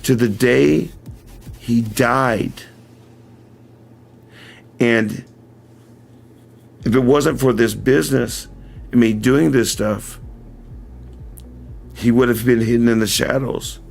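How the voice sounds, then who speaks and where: A man's voice: medium pitch, takes it slowly, gravelly, pauses often, soft background music. A man hosting a casual livestream, telling a story in a rambling, self-correcting way with frequent chuckles, then speaking earnestly and directly to his viewers. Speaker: livestream host. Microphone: camera mic.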